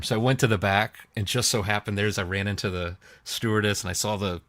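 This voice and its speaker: A man co-hosting a casual podcast who rambles through stories, often restarting, and puts on squeaky voices for other people. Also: quick pace, a bit bright. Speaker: podcast co-host. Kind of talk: casual chat.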